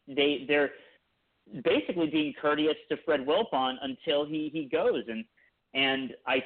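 Rambling man on a tinny line. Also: mid-range voice. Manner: rambling with frequent restarts. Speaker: podcast co-host. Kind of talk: casual chat.

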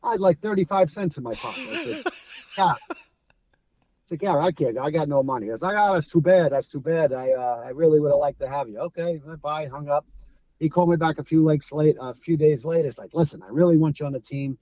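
A man's voice: a little high, fairly quick, no room sound, lo-fi sound. A middle-aged man from Brooklyn with a New York accent, telling stories as an interview guest and acting out the people in them. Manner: animated storyteller, acts out quoted voices, laughs often. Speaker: guest, former streetball player. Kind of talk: casual storytelling interview.

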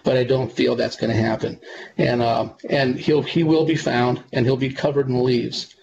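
A man's voice: mid-range voice, fairly even intonation, normal speed. A man, a psychic medium guest, telling long earnest stories in a casual interview, with frequent fillers and restarts. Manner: rambling, earnest, many fillers. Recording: dull lo-fi with clear background noise.

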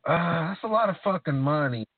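A man co-hosting a podcast, trading casual profane opinions and slowing down to stress his points. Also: on the high side, expressive, slightly rough, no echo. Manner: drawling, opinionated, slows down for emphasis. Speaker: podcast co-host. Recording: dry, tinny phone-like sound.

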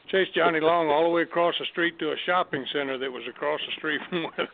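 A man's voice: a little high, a little fast, crowd noise. A man hosting a casual interview, asking curious, rambling questions. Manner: curious, asks long questions. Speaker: host. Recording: tinny phone-like line, dry.

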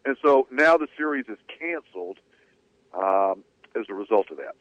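A man's voice: medium pitch, animated, normal speed, no echo. Man chatting on tinny sports radio. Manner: conversational, hedging with fillers. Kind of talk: sports talk radio storytelling. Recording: dry tinny phone-like radio audio.

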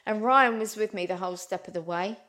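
A woman's voice: medium pitch, fairly quick, a bit bright. A woman, a psychic medium, telling a long story in an earnest, rambling way and calling her listeners "guys". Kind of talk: animated storytelling.

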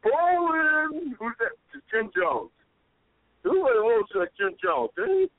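A young man co-hosting a podcast, telling rambling stories in an animated way and yelling the quoted lines. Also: very high voice, slow pace, gravelly, no echo. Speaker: podcast co-host. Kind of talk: casual storytelling chat. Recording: dry, tinny phone-like audio.

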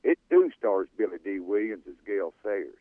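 A man's voice: lowish voice, lively intonation, moderate pace, no echo. A man calling into a sports radio show, telling a movie story in a friendly, folksy way. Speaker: caller. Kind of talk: phone-in call. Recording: tinny phone line.

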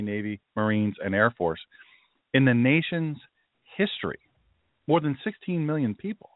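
A man's voice: mid-range voice, no room sound. A male pastor hosts his show in a loose, rambling monologue, drifting into asides and then picking up his point again. The sound is narrow like a phone line and completely dry, with no room in it. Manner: rambling, with conversational asides and restarts. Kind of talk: casual podcast monologue.

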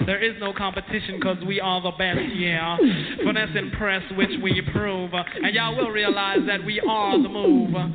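A young man tells a boastful story in rhyme, half-singing with a playful swagger. His voice sits high and bright against a pounding hip hop beat. The sound is tinny and thin, like a lo-fi phone line. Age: young adult. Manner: playful, half-sung bragging delivery. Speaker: rapper. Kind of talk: storytelling rap over a beat. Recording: tinny lo-fi music recording. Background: loud hip hop beat.

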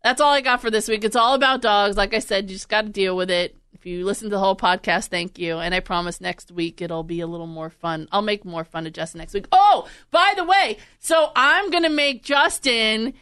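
Chatty woman host, smooth clear voice on a dry close mic. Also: mid-range voice, steady tone, a bit bright, dry recording. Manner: chatty, laughing, quick to act out animals. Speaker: podcast host and radio producer. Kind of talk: casual chat.

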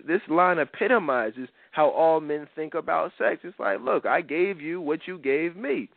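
A man's voice: on the high side, dry recording. A man hosting a talk radio show, talking in an earnest, emphatic way and repeating words as he builds his point. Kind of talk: casual talk radio chat. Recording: tinny phone-like dry sound.

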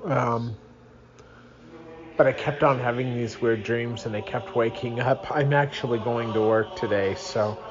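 A man's voice: mid-range voice, steady tone, a little slow, muffled recording, crowd noise. A young man reading a religious book aloud at home in the early morning, tired and yawning, drifting into rambling asides. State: sleepy.

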